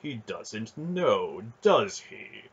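Storybook villain: a man doing a scarred sorcerer priest, slow and mocking, husky tone, dull lo-fi sound. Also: fairly low pitch, sing-song, exaggerated voice.

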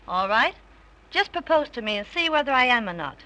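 A woman's voice: on the high side, very animated, a little fast, bright, forceful tone, low-quality recording. An actress playing a headstrong, spoiled young woman from a rich family who talks in a coaxing, playful way in an early 1930s film. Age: young adult.

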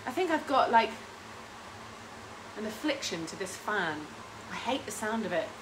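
A woman's voice: medium pitch, sing-song, normal speed, background noise. A woman, hosting a casual home cooking stream, chatting and rambling with frequent laughs while reading out viewer comments. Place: home kitchen.

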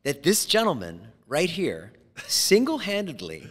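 A man's voice: on the high side, wildly swooping pitch, a little slow, big-room sound. A man in his forties hosting a podcast in a studio, telling rambling stories and laughing often. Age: 40s. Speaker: podcast host. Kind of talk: casual chat.

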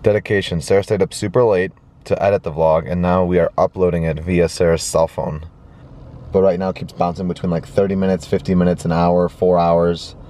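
A man's voice: low voice, level tone, a little fast. Easygoing young man vlogging from a car. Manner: easygoing, rambling, with asides. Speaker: vlogger co-host. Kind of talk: casual travel vlog chat. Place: in a car on a road trip. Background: loud music.

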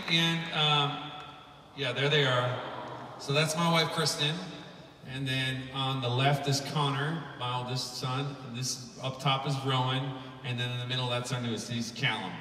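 A musician in his thirties gives a humorous keynote at a conference, rambling and chatty with lots of fillers. His medium-pitched voice has a sharp tone and is heard from far off in a large, echoey hall, with a little hiss or hum.

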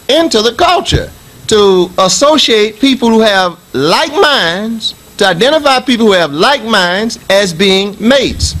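A man's voice: high voice, fairly bright tone, rough recording. A middle-aged man from the United States giving a Friday sermon as imam in a mosque, preaching emphatically with repetition and reciting Arabic scripture.

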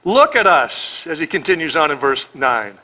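A man's voice: fairly high pitch, very animated, normal speed, pushed and bright, low-quality recording. A man with an American accent preaching a verse-by-verse sermon as pastor, emphatic and sarcastic, firing rhetorical questions. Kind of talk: expository sermon.

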